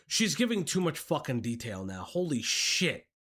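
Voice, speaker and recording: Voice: mid-range voice, big pitch swings, moderate pace, fairly bright tone, slightly rough. A commentary host reacting to a played clip with blunt, impatient, swearing asides.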